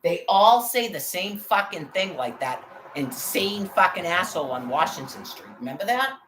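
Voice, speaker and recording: A woman's voice: fairly low pitch, sing-song, normal speed, fairly bright tone, slight background noise. An older woman vlogging an angry, profanity-heavy rant, agitated and quoting what others said to her.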